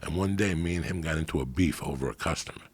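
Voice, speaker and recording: Speaking quickly in an extremely deep, raspy, gravelly voice, this middle-aged man, a comedian on as a guest, spins casual stories with blunt, street-smart profanity.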